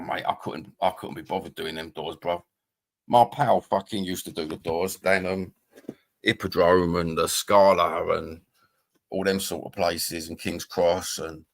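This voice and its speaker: With a low voice and vocal fry, a man in his 50s hosts a livestream, chatting casually and reading out comments from viewers. He's blunt and rambling, swears a lot and addresses people as mate and bruv.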